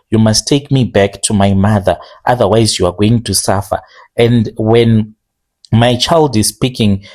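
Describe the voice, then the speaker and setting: A man telling a strange first-person confession in a plain, steady way, slowing down now and then on careful phrases. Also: lowish voice. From Zimbabwe. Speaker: confession storyteller.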